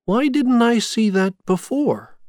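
A storybook narrator voicing a gentle, regretful male skeleton hero in a soft, earnest tone. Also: medium pitch, expressive, slow pace, no echo, clean studio sound, voice pushed up. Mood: hopeful.

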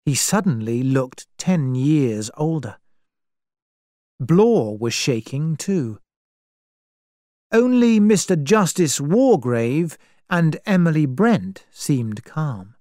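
A narrator reading a story aloud very slowly and clearly, with expressive delivery. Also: mid-range voice, dry recording, studio quality.

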